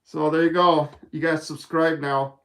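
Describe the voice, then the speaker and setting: A man with a somewhat high voice talks loosely on a live stream. He rambles, restarts his sentences and leans on fillers, speaking from his home arcade room. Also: flat delivery, unhurried, fairly bright tone. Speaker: vlogger. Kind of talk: casual live-stream chat.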